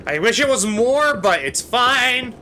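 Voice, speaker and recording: A man's voice: very high voice, very animated, measured pace, sharp tone, faint music behind. A man streaming a video game live, reacting to what happens and chatting with his viewers. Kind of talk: live gameplay commentary.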